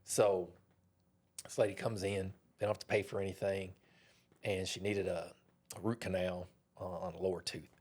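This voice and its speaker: A man, a dentist guest on an interview show, telling a story in a casual, animated way. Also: low voice, moderate pace. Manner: animated, acts out others' voices.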